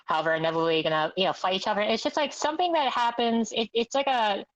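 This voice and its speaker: A woman's voice: mid-range voice, quick pace, lo-fi sound. A woman on a casual podcast chat, hesitant, losing her train of thought. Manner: hesitant, many fillers and restarts, loses her train of thought.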